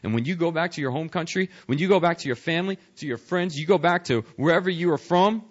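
A young man preaching a sermon as a missionary, telling stories with sudden drops to a hush and bursts of loud speech. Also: fairly high pitch, fast, muffled recording. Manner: storytelling, dramatic swings from hushed to loud.

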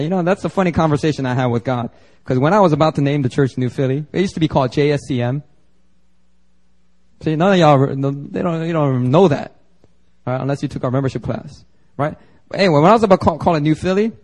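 A man's voice: on the high side, fast talker, a little mellow. Man from Philadelphia, pastor, lighter voice; punchy sermon delivery mixed with loose slangy banter to the congregation. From Philadelphia, United States. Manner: emphatic, conversational preaching with slang asides. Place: church service before a congregation.

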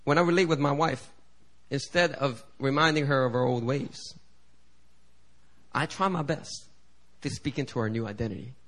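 A middle-aged man preaching a sermon as pastor. He swings from quiet asides to loud, climbing appeals and acts out the prayers he quotes. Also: mid-range voice, moderate pace. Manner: preaching with big swings in volume, building to shouted climaxes; acts out quoted voices and prayers in shifting tones.

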